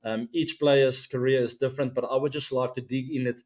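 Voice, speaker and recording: A man's voice: mid-range voice, little pitch movement, fairly quick. Chatty man hosting cricket talk. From South Africa. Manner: chatty, direct address to viewers, frequent ums. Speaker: cricket show host. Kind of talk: casual solo commentary to camera.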